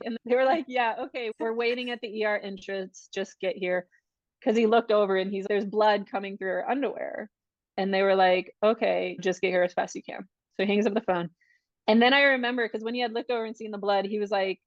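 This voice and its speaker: A woman's voice: mid-range voice, fast talker, no room sound. A woman who is a podcast guest, telling a personal story in casual conversation and acting out the dialogue of the people in it. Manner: animated, acts out quoted dialogue. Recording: dull, dry podcast audio.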